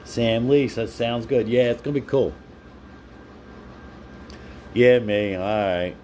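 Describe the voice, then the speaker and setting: A man's voice: medium pitch, slow, a little mellow. A casual man hosts a live stream from home, reading viewer comments aloud and answering them by name. His voice sits in a middle range and he laughs easily. A faint hiss of background noise runs under the recording. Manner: chatty, laughs often, talks to viewers by name.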